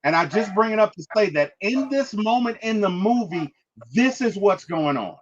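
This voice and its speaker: A man hosting a casual movie review, retelling scenes in an animated way and acting out the characters' lines. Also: high voice, normal speed, highs cut off. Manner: animated storyteller, acts out quotes, frequent "right?".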